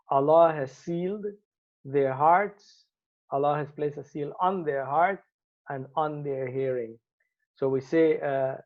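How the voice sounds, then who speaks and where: A man teaching Arabic grammar from Quranic verses, patiently explaining and repeating words for emphasis. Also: medium pitch. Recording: tinny phone-like sound.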